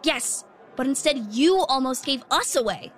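A bright know-it-all schoolgirl. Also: high voice, lively intonation. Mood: confident. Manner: quick, confident, know-it-all. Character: smart eager schoolgirl, teacher's pet. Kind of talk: audio drama acting.

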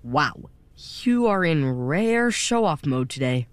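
An actor playing a sarcastic schoolboy with a whiny, unhurried delivery in an audio drama. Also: mid-range voice, very animated, clear, resonant tone, dry recording. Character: wisecracking schoolboy who hates big words.

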